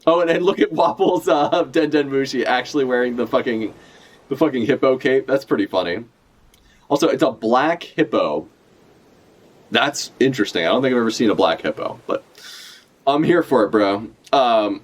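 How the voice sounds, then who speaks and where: A man giving casual live reaction commentary as a streamer, animated and profane, laughing often as he talks. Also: mid-range voice, normal speed. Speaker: streamer reacting to a manga chapter.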